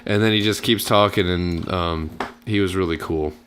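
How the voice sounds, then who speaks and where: A deep, slightly bright male voice at a moderate pace, with a touch of background noise. He's a gaming channel host casually rambling through a long tale over gameplay, filler-heavy and acting out people's quotes.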